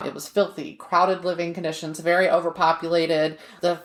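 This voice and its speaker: A woman's voice: lowish voice, little pitch movement, normal speed, echoey room. A woman co-hosting a podcast, telling a story in a chatty, casual way and laughing now and then mid-sentence. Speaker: podcast co-host.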